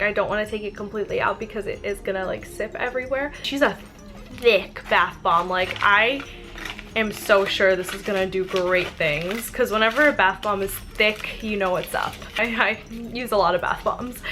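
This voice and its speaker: In a casual product review vlog, this young adult woman speaks with a bright, forceful mid-range voice. The YouTuber gushes girlishly over the items, peppering everything with "like" and "oh my god."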